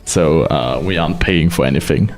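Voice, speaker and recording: A man streaming live, casually showing off software he built, chatty and rambling and often laughing. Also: rumbling low, normal speed.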